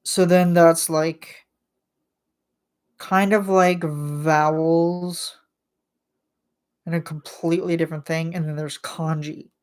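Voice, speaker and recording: A woman's voice: deep voice, fairly even intonation, slow, long pauses, a little mellow, smooth. A woman hosting a casual chat vlog, rambling with lots of filler words and frequent laughs. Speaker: channel host.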